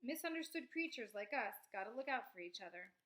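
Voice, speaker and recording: A woman's voice: fairly high pitch, animated, a little fast, fairly bright tone. A woman voicing a friendly, hospitable female skunk in a read-aloud storybook. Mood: warm.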